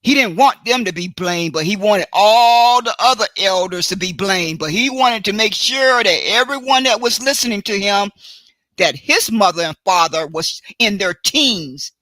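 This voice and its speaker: A woman hosting a solo live stream, talking in a deliberate, emphatic way and often stopping to correct and repeat herself. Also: medium pitch, expressive, a bit bright, dry recording. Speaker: livestream host. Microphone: computer mic for a live stream.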